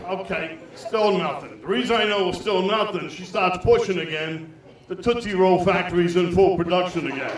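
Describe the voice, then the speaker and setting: A man's voice: high voice, a little hiss or hum. A man performing a crude, rambling stand-up comedy set in a small club. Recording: echoey club heard from far off.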